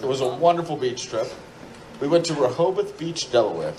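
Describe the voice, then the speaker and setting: A man's voice: medium pitch, very animated, a little fast, crowd noise, rough recording. A man on a live convention comedy panel, bantering and telling a profane, wry story to the audience.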